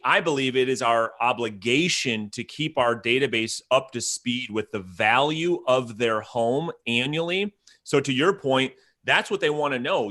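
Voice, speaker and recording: A man's voice: mid-range voice, sharp tone. A man hosting a live audio-room mastermind, coaching his listeners with emphatic, persuasive urgency. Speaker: host.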